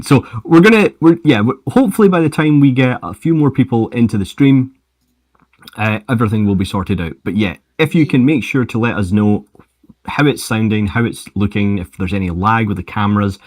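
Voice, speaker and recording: Lively low-voiced male streamer. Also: fairly quick, no room sound. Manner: upbeat, rambling, addresses viewers as folks. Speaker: host of a live portfolio review stream. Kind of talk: casual live-stream chat. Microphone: lavalier mic.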